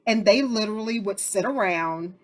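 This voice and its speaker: A woman hosting a casual group discussion, chatty and animated as she tells stories. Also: medium pitch, normal speed.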